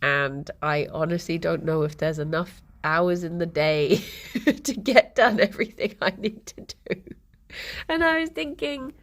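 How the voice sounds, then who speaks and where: A young woman streamer in casual chat with her viewers, her voice husky after a late night, chatty and giggly. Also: fairly low pitch, animated, measured pace.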